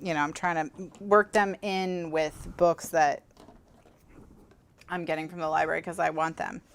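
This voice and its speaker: A woman's voice: sits low, steady tone, a little slow. A woman hosting a live crafting stream, chatting casually and rambling with lots of fillers and restarts. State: has the hiccups. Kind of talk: casual chat while crafting.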